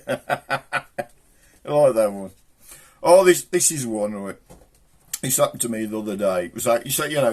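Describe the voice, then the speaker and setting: An older man rambling through jokes and stories in a chatty, self-amused way. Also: fairly low pitch. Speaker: joke teller. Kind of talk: casual storytelling monologue.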